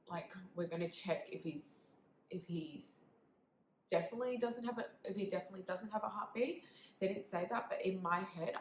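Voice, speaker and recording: A young woman tells a painful personal story to camera, halting and emotional, with many fillers and quiet, whispered moments. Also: medium pitch. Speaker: vlogger. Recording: echoey room with faint background noise.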